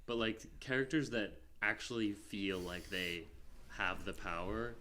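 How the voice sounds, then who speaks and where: A man's voice: on the low side, measured pace, bright, forceful tone, a little hiss or hum. A man co-hosting a film podcast in casual chat, rambling with lots of fillers and restarts. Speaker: podcast co-host.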